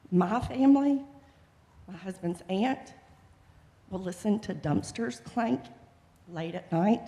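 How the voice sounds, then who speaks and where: Speaking during public comment, a middle-aged resident pleads passionately with the city council, her words echoing in the chamber. She has a mid-range voice with a dark tone.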